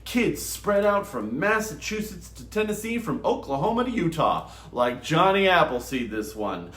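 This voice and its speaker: A man hosting a book channel, reading passages from a novel aloud in an expressive, dramatic way and acting out the dialogue. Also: on the high side, normal speed, hardly any pauses, echoey room. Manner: animated, acts out dialogue with shouts. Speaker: booktube host reading from novels.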